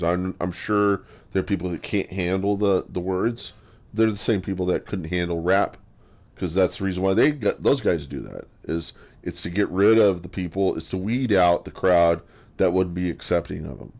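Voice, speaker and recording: A man talking in a rambling casual monologue, halting often with fillers and restarts as he works through his thoughts. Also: deep voice, darkish tone. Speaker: solo talker sharing his views.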